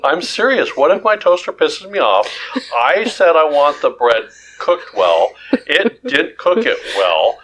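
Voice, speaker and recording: A male podcast host in casual chat, delivering animated, joking rants with frequent restarts. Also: on the high side, a little slow, a little hiss or hum, poor audio.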